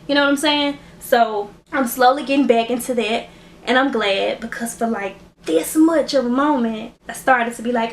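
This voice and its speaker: A woman's voice: on the high side, normal speed, reverberant, a little hiss or hum. A woman YouTuber, chatting emotionally and gratefully to camera in a casual vlog at home. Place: room at home lit by ring light.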